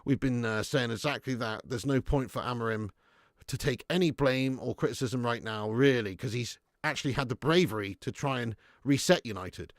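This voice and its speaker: A man hosting a live football fan stream, chatting excitably, swearing freely and laughing as he reacts and thanks viewers for donations. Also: medium pitch, normal speed, no room sound, studio quality. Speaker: football fan channel host.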